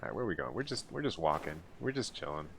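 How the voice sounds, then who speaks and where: A man's voice: a bass voice, very animated, fast, vocal fry, fairly bright tone, a little hiss or hum. An American man streaming late at night, chatting casually with viewers, rambling, laughing often and poking fun at himself while sounding tired. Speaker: live streamer.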